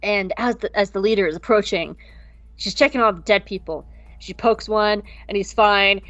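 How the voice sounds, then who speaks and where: Woman, podcast co-host, casual recap, animated, profane, muffled audio. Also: mid-range voice, moderate pace, no room sound.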